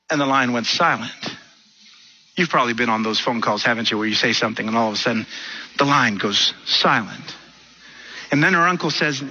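A male pastor telling a story in a sermon, animated and often repeating words as he starts sentences, on a dull lo-fi recording. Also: mid-range voice, brisk, pauses often, husky.

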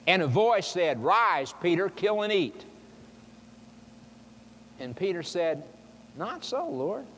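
A man whose voice sits high and a bit bright preaches slowly and expressively, unpacking scripture through emphatic rhetorical questions aimed at his listeners. The sound has a long hall reverb with faint noise.

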